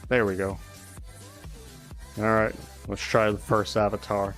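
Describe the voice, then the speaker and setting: A man's voice: lowish voice, little pitch movement, unhurried, a bit bright, soft background music. A young man chatting casually and rambling on a live stream, swearing often.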